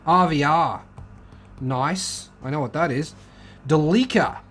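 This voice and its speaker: A man's voice: a little high, slow pace, fairly bright tone, a little hiss or hum. A man chatting casually as he flips through a car magazine, musing aloud and joking. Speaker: car channel host.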